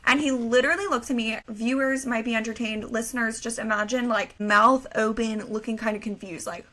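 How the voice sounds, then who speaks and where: A young woman co-hosting a podcast, chatting casually and telling animated stories, acting out what her family said. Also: a little high, fairly quick. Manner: animated storyteller, acts out quoted family voices. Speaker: podcast co-host. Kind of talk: casual chat.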